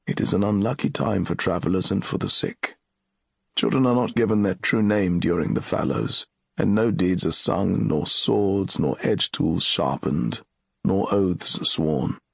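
A man narrating a fantasy audiobook in a measured, solemn storytelling manner. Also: deep voice, lively intonation, gravelly, husky, no echo, studio quality.

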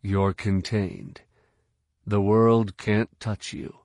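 A man voicing a calm male mentor who speaks softly, evenly and soothingly. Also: sits low, slow pace, no room sound, studio quality. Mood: serene. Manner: soft, even, soothing.

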